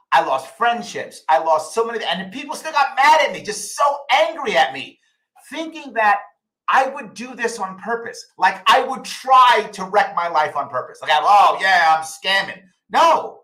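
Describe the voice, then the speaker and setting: A man's voice: fairly high pitch, pushed and bright. A middle-aged man hosting a live ask-me-anything stream, emotional and repeating himself for emphasis, swearing casually. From United States. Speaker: host answering viewer questions. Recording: roomy echo.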